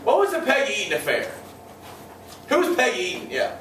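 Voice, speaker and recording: A man's voice: extremely high pitch, wildly swooping pitch, a little fast, fairly bright tone, distant mic, slight background noise. Joking male teacher in an echoey classroom. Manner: joking, sarcastic, quizzes students. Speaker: history teacher. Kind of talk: classroom lecture. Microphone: far room mic.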